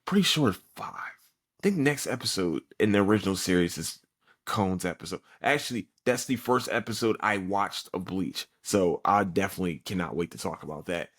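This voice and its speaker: A tired man hosts a podcast in a fairly low voice, recapping an anime episode casually. He rambles, swears freely and fills his talk with ums and likes. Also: expressive, a little fast, fairly bright tone. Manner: rambling and profane, many fillers. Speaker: podcast host.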